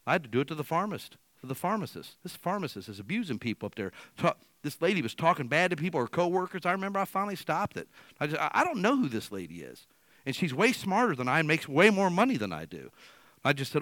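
Animated, bright-voiced male pastor. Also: a little high, fast talker, no echo. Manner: animated storyteller acting out quoted dialogue. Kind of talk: sermon with storytelling. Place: church.

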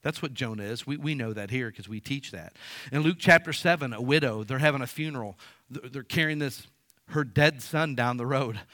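A pastor preaching a sermon, swinging between quiet stretches and loud emphatic peaks. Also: male voice, mid-range voice, dry recording, studio quality.

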